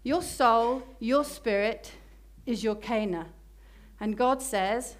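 A woman preaching a sermon, slowing down to stress key phrases. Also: on the high side. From Britain.

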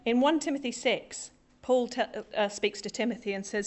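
A woman's voice: on the high side, moderate pace, few pauses. A middle-aged woman from Britain preaching a sermon to a congregation, conversational and self-deprecating with humour.

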